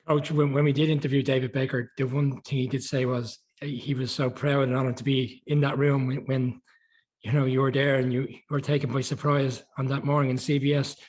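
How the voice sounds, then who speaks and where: Fast-talking husky male host. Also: mid-range voice, flat delivery, darkish tone, rough recording. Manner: rambling, restarting questions. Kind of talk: interview questions.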